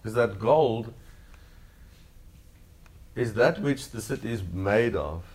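A man's voice: lowish voice, expressive, slow pace, a little mellow. A man preaching a sermon to his congregation, earnest and repetitive in cadence. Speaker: pastor.

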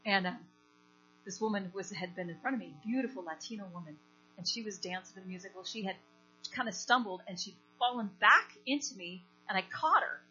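A woman's voice: medium pitch, fairly quick, pushed and bright. A woman preaching a sermon, telling a story and putting questions to the congregation. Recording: lo-fi recording with mains hum.

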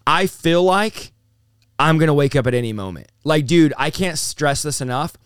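A man in his thirties, a pastor guest telling his story in an animated, rapid-fire way, peppered with bro and dude. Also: on the high side, smooth, no room sound, studio quality. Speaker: pastor and revivalist, interview guest. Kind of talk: excited conversational storytelling.

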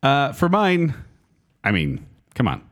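A man co-hosting a casual podcast chat, dropping facts in a wry, deadpan way. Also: mid-range voice, slow pace. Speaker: podcast co-host.

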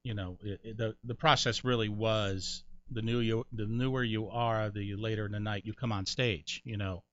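Bright-voiced man telling stories. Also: normal speed, dry recording. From Connecticut, USA. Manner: animated storyteller, jumps high doing other people's voices. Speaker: comedian guest. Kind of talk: storytelling interview. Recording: dry, muffled sound.

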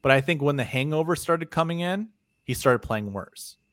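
A man co-hosting a podcast, telling a story in casual chat, animated and swearing freely, often trailing off quietly at the ends of phrases. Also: fairly high pitch, normal speed, no echo, studio quality. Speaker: podcast co-host.

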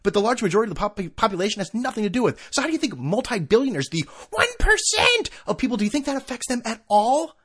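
A man hosting his own podcast at home on a desk microphone, ranting casually with profanity and sarcasm, swinging between low mutters and loud outbursts. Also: animated, racing, few pauses, slightly rough. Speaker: podcast host. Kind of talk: casual solo podcast rant. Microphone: desk microphone with camera.

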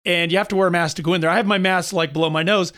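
Talk show guy in his 50s, pretty high voice, tells stories and does snarky little impressions. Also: very fast. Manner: animated storyteller, mimics others with mocking voices. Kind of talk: casual opinion chat.

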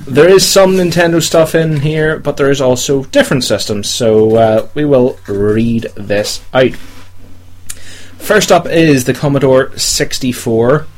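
A man's voice: mid-range voice, unhurried, a little mellow, slight background noise. A man hosting a casual podcast chat, rambling and hesitant with many ums while reading a list. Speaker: podcast host.

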